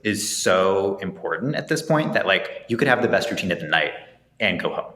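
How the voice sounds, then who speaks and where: A man in casual conversation with a very low voice and a bright, forceful tone. He lays out his points in a measured, steady way, over a roomy echo. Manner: measured, explanatory, many "like" fillers. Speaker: podcast co-host. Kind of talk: casual chat.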